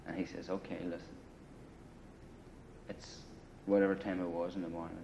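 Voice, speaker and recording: Deep, creaky and dark, this man's voice has a flat delivery at normal speed, with slight background noise. As an interviewee in a grungy apartment, he casually tells a long war story that rambles and swears, thick with "you know" and "right." The audio is dull lo-fi 1980 film recording.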